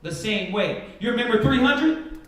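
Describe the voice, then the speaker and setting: Preaching emphatically at a moderate pace, this man leads a live Sabbath Bible class and keeps posing rhetorical questions. His voice is extremely high-pitched with lively intonation, and the recording is distant and echoey.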